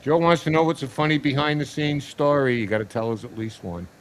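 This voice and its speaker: A man hosting a podcast, chatting casually and telling stories with a teasing, animated manner. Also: medium pitch, a little fast. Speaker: podcast host. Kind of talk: casual chat.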